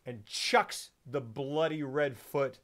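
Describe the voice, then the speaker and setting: A man with a voice of middle pitch, talking casually about a film. He retells the scenes with animation, making sound effects and acting out the characters. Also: slow, heavy background noise. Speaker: podcast host.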